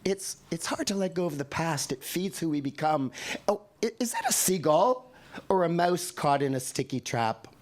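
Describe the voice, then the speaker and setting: A man's voice: a little high, animated, normal speed, a little mellow. A man in his sixties from Canada performing wry, profane poetry on a live venue stage into a handheld microphone. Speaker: poet.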